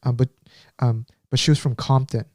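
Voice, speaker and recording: A man in his thirties rambles through a casual podcast story, full of fillers, restarts and trailing thoughts. His voice is dark and mellow. The sound is close and dry, with no room in it. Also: mid-range voice, fairly even intonation, moderate pace, dry recording. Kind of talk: casual chat.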